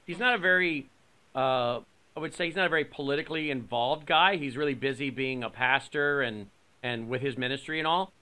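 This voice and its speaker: A man's voice: medium pitch, a little fast, sharp tone. A man hosting an interview, chatty and anecdotal, talking loosely with fillers. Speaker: host. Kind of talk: conversational interviewing.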